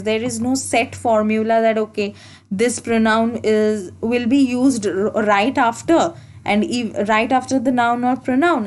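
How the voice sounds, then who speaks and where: A woman teaching an English grammar lesson for exam preparation, explaining slowly and deliberately, repeating key points and correcting herself as she goes. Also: on the high side, a little mellow. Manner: slow, deliberate explaining with repetition and self-corrections.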